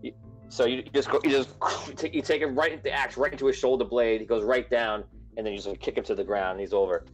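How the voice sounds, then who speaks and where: A man's voice: medium pitch, steady tone, fast, faint music behind, rough recording. A man running a tabletop game as game master, narrating loosely with lots of restarts.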